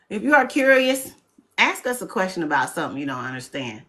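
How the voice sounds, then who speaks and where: A woman's voice: low voice, expressive, a little fast, a bit bright. Blunt, scolding woman addressing viewers. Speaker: host presenting slides. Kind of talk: casual livestream talk.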